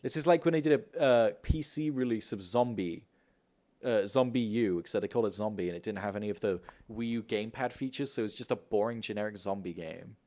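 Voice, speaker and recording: A young man hosting a gaming news livestream, talking quickly and casually, swearing and laughing often. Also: fairly low pitch, warm tone. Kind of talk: casual live-stream chat.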